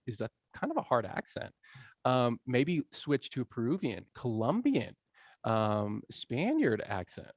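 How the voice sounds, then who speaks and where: A man's voice: medium pitch, gravelly, dry recording, studio quality. A man lecturing on language learning in a conversational way, often checking in with his audience. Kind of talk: public lecture. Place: college lecture room.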